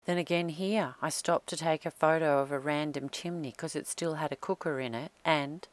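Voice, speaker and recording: This channel host's spiritual vlog finds her outdoors driving around hills, talking to camera in a chatty, self-amused way that at times turns emotional and tearful. She has a low voice with fairly even intonation at a moderate pace, and slight background noise.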